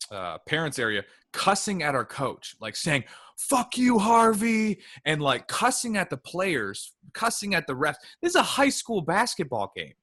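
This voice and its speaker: A man from Michigan co-hosting a podcast, telling stories in a casual, animated way with quick asides. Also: medium pitch. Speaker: podcast co-host.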